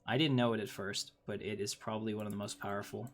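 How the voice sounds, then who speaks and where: A man's voice: fairly low pitch, fairly even intonation, quick pace. A man casually commenting on his strategy game livestream, thinking aloud, reading game text and chatting with viewers. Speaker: streamer playing a strategy game.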